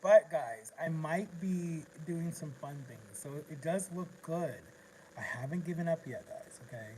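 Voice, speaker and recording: A man's voice: a little high, animated, a little slow, a little mellow, a little hiss or hum, poor audio. A man vlogging in a casual livestream, rambling through an emotional story with lots of restarts.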